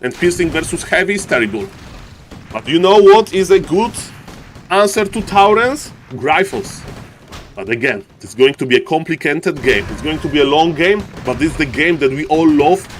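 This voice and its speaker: A man with a thick Polish accent commentates a live esports match from a home stream, animated and chatty with his viewers. His voice sits a little high for a man. A faint hiss runs behind him. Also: normal speed. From Poland. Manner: animated, repeats "ladies and gentlemen", jokey asides. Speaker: esports caster.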